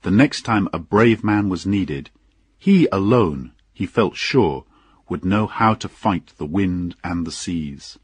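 A man narrating an audiobook in an unhurried, expressive storytelling manner. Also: sits low, slightly rough, no room sound.

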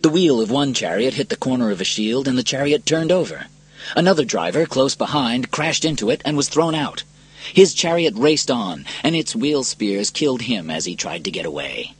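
A man narrating an adventure storybook in a dramatic, lively reading style. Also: mid-range voice, moderate pace, husky.

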